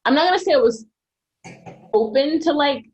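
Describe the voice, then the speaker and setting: This woman, part of a podcast panel in a casual debate, spins chatty stories full of "like" and "um." She sounds high and animated, a little mellow, at a moderate pace, though the audio quality is poor.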